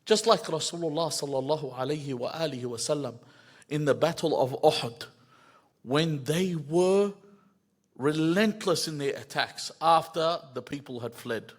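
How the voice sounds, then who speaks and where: A middle-aged man giving a sermon, swinging between loud emphatic rises and quiet asides and quoting Arabic lines before translating them. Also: on the high side, moderate pace. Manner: quotes Arabic phrases then translates them. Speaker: sheikh giving a mosque lecture.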